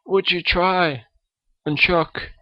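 Man's impression of a cheeky, boisterous older Scottish comic; bright-pitched, put-on accent, dry dull sound. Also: steady tone, takes it slowly, no echo, exaggerated voice. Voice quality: loud, boisterous, rambling. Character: brash older Scottish male comedian, cheeky. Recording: dull lo-fi recording.

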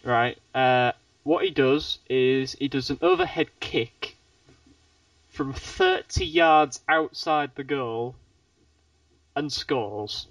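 A man's voice: mid-range voice, sing-song, slow pace, fairly bright tone, no echo. A man from the UK hosting a casual podcast chat, rambling with frequent laughs. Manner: laughs often, rambling with restarts. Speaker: podcast host. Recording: dull, distant podcast mic.

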